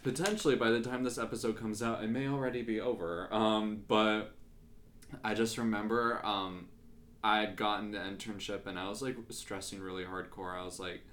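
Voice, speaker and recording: A man's voice: lowish voice, steady tone, moderate pace, fairly bright tone, a little hiss or hum. A young man hosting a podcast, talking casually and full of "like" fillers. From Kentucky, United States. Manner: chatty, many "like" fillers. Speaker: podcast host.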